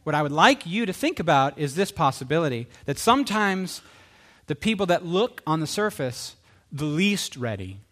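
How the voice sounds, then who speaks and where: A middle-aged man preaches with animated energy, firing off rhetorical questions and acting out the people he quotes. His voice sits high and swoops widely as he drives each point home. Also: moderate pace. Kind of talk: sermon.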